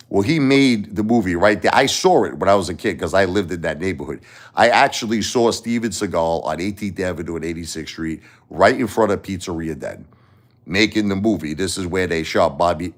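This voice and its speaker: A middle-aged man with a Brooklyn accent hosting a casual livestream, rambling bluntly through stories and swearing freely. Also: low voice. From Brooklyn, New York. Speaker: livestream host and musician.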